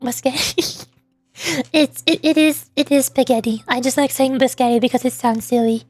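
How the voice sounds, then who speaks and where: High-voiced, quick-talking woman streamer. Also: dry recording, soft background music. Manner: talks fast when excited, giggly. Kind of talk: casual livestream chat.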